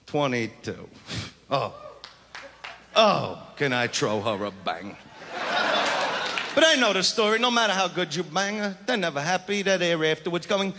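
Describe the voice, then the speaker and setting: A man's voice: fairly high pitch, very animated, a little slow, long pauses, slight background noise. A man doing a crude, swaggering stand-up routine, taunting people in the front row of a large theater. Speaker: stand-up comedian. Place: large theater with a live audience. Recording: 1989 concert recording with loud crowd.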